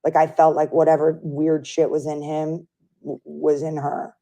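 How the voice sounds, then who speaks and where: Low, mellow woman telling a candid story. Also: measured pace. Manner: animated storyteller who acts out others' lines. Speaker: interview guest.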